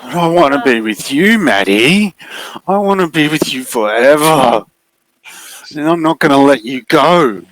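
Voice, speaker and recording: A clingy, menacing creature from a tabletop game pleads in a high, booming voice, as a man puts him on. He stretches his words out slowly, part begging and part threat, and the voice sits close and dry with no room around it. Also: lively intonation, a bit bright, dry recording, rough recording. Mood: possessive. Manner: pleading and possessive, slow, drawn-out lines.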